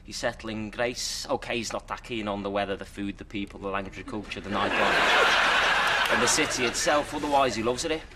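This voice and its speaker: A man's voice: on the low side, brisk, natural voice. A man playing a crude, smug footballer. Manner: deadpan bragging with crude punchlines. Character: cocky greedy male footballer, dim and crude. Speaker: footballer in a post-match interview sketch. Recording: studio audience laughter, noisy. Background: audience laughter.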